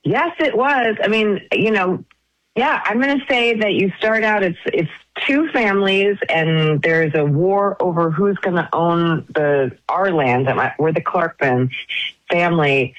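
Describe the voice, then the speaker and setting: A woman speaks in a chatty, expressive way as an interview guest. Her voice comes through a muffled, lo-fi phone line with no room sound around it. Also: lowish voice, a little slow, no room sound. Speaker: actress guest. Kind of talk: casual interview chat.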